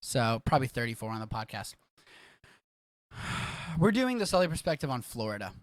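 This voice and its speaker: A man from Texas hosting a casual livestreamed podcast, rambling and excitable, swearing freely as he talks. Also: mid-range voice, brisk, no room sound, clean studio sound. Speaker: podcast host.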